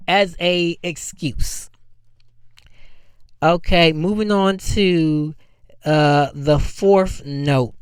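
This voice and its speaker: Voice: mid-range voice, clear, resonant tone, no room sound. A podcast host giving a casual, unscripted film review, rambling with many restarts and sounding exasperated and incredulous.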